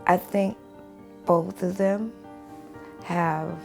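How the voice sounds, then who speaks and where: Soft music plays behind a woman whose fairly low, slightly mellow voice draws out words with vocal fry. She is telling a personal story for a documentary interview at home, earnest and heartfelt, with a sing-song quality when quoting people.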